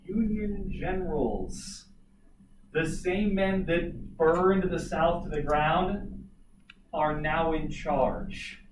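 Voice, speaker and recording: Animated history teacher in an echoey classroom. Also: male voice, fairly high pitch, drawn-out words. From Colorado. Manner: animated, jokey asides to students. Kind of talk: classroom lecture with storytelling. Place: classroom, recorded from afar. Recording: echoey room, distant mic, noisy.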